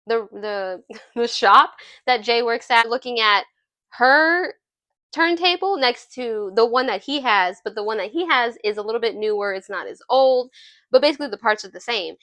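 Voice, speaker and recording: A young adult woman reviewing a film in casual chat, animated and chatty, often laughing as she retells scenes. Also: a little high, moderate pace, no echo. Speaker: movie reviewer.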